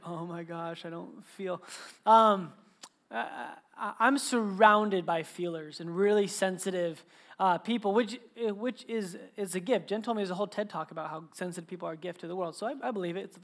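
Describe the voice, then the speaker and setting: A man's voice: sits high, a bit bright. A man in his thirties, a pastor preaching a sermon to his congregation, telling family stories in a chatty, joking way with many restarts and laughs. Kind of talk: sermon with personal storytelling. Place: church service before a live congregation.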